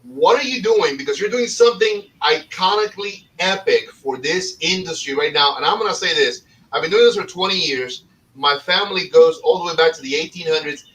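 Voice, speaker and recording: A man's voice: on the high side, expressive, brisk, fairly bright tone, recorded from a distance, poor audio. A man hosting a casual podcast chat, effusive and enthusiastic. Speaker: podcast host and cigar shop owner.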